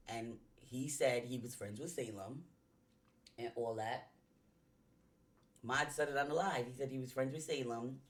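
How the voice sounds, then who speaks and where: A woman, gossiping bluntly and profanely while reacting to a stream. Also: rumbling low. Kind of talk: casual reaction chat.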